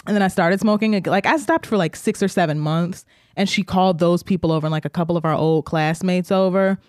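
A woman's voice: on the low side, steady tone, fairly quick, a little mellow, no echo, clean studio sound. A woman podcast co-host telling a story in casual chat, laughing often and acting out the voices she quotes.

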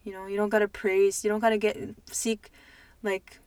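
A woman co-hosting a podcast, talking in a soft, emotional way, repeating words as she gives advice to her younger self. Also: mid-range voice, level tone, normal speed, dry recording. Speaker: podcast co-host. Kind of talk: heartfelt podcast chat.

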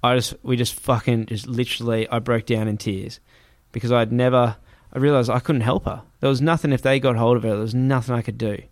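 A man telling a travel story in casual chat, animated and swearing, acting out other people's voices. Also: mid-range voice, fairly quick, few pauses, dry recording.

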